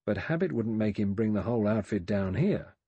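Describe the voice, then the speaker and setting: A man voicing a blunt, suspicious middle-aged male ex-inspector who talks gruffly and colloquially. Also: lowish voice, expressive, brisk, dark tone, no room sound, highs cut off.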